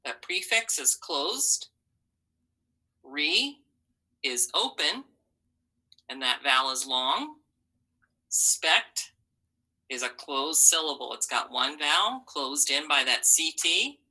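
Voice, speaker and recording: Slow, bright-voiced woman teaching phonics. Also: sits low, rough recording. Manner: slow, clear, encouraging, sounds out letters. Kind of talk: phonics lesson for children.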